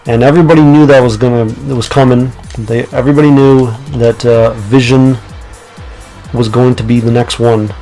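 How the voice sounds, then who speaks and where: A man's voice: medium pitch, steady tone, moderate pace, warm tone, soft background music, poor audio. A young man casually retelling movie scenes in a rambling spoken review, full of ums and uhs.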